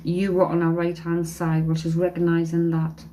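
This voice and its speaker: A woman psychic medium giving a reading on a live stream, her voice warm and mellow. She speaks in halting, emotional bursts, sighing and tearful between phrases. A faint background hiss sits under her voice. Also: lowish voice, monotone, low-quality recording. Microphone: phone or webcam on a live stream.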